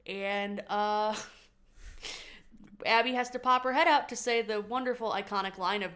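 A woman co-hosting a podcast, briskly summarizing a TV drama's plot in casual, upbeat chat. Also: on the high side, a bit bright. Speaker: podcast co-host.

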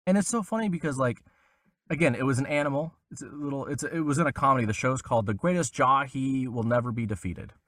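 A man's voice: quick pace, dry recording, clean studio sound. A young adult man, a voice actor guest, telling a casual story in an interview and acting out the voices of the people he quotes. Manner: animated, acts out quoted voices with big pitch jumps.

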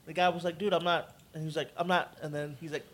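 A man co-hosting a podcast, talking in an excitable, laughing, profane way. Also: a little high, quick pace. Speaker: podcast co-host. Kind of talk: casual podcast chat.

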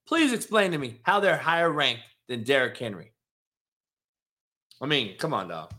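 A man hosting a sports podcast, ranting in a profane, animated, casual way. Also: mid-range voice, moderate pace. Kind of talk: casual chat.

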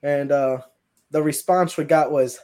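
A man's voice: fairly high pitch, steady tone, unhurried, darkish tone. A man, a guest paranormal investigator, telling his stories in a loose, rambling way with plenty of fillers. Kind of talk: casual storytelling.

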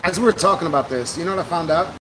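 A man's voice: fairly high pitch, very fast, noisy background. A man co-hosting a podcast, rambling through casual talk with restarts and laughs. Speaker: podcast co-host. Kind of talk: casual chat.

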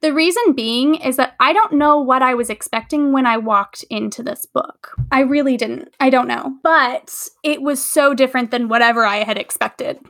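Podcast co-host, woman from california, high voice, lively storyteller who acts out quotes. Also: moderate pace, hardly any pauses. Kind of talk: casual chat.

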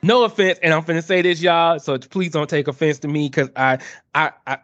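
A man co-hosting a casual gaming chat, talking in an animated, exasperated, ranting way. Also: fairly high pitch, fairly quick, dry recording. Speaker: podcast co-host. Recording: dull lo-fi dry sound.

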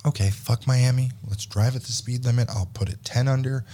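A man in his thirties, a podcast host telling a story in casual chat, animated and profane, acting out the dialogue. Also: mid-range voice, fairly quick.

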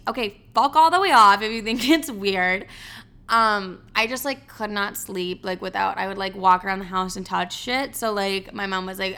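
Young woman, casual storyteller, bright clear voice, swears a lot, acts out dialogue. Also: medium pitch. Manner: profane, animated, acts out quotes.

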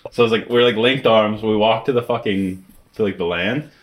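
A man's voice: lowish voice, fairly quick, a little hiss or hum. A young man co-hosting a podcast, telling a story in casual chat, swearing often and laughing as he goes. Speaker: podcast co-host.

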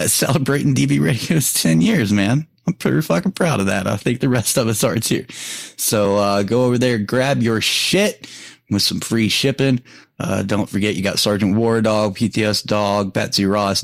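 A man's voice: fairly low pitch, fairly even intonation, moderate pace, vocal fry, no echo, clean studio sound. A male podcast host in casual chat, swearing freely, laughing often and rambling through stories.

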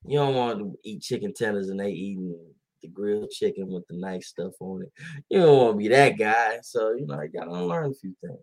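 Laid-back young man, lowish voice. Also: animated, a little fast, vocal fry, a little mellow. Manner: laid-back, laughs often, slangy storytelling. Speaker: podcast co-host. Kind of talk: casual chat.

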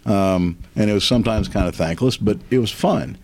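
A middle-aged man, a movie theater owner, chatting casually as a podcast guest and telling his story with relaxed fillers. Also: fairly low pitch, a little fast, no room sound. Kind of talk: casual conversation.

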